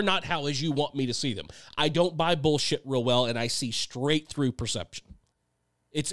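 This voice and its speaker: A man's voice: fairly high pitch, fairly bright tone, dry recording. A man hosting his own podcast, talking in a blunt, sarcastic, casual monologue and swearing freely into a close microphone. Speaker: podcast host and songwriter.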